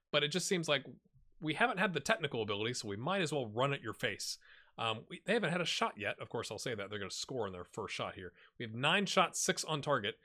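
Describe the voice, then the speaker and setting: A man in his forties talks through a video game in a loose, rambling way, often poking fun at himself. His voice is bright and forward, and it carries a lively edge. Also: medium pitch. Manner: rambling, self-deprecating, chatty. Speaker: gaming YouTuber. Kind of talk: casual let's-play commentary.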